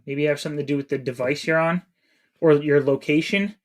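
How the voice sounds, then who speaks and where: A man's voice: fairly high pitch, fairly even intonation, fast. A man in his thirties from New England, chatting casually with his live-stream chat while he plays a game. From New England, USA. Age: 30s. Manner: chatty, reads chat aloud while playing.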